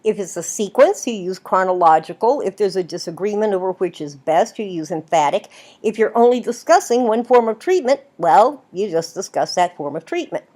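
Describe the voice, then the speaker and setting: A woman's voice: mid-range voice, normal speed. A woman teaching a writing class in a recorded video lecture, explaining at length and checking in with "right?" as she goes. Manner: lively, explanatory, asks "right?" often. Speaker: writing instructor.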